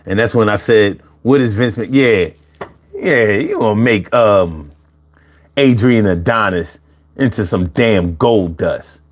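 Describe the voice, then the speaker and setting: A man hosting a casual live chat, animated and profane, laughing often as he talks. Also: lowish voice, takes it slowly. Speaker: livestream host reading chat.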